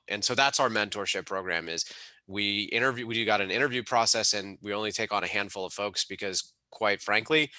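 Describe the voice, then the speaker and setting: A man's voice: lowish voice, sharp tone, dry recording. A man being interviewed, telling stories in an enthusiastic, rambling way with many restarts. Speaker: mobile home park operator and mentor. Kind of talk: casual interview storytelling.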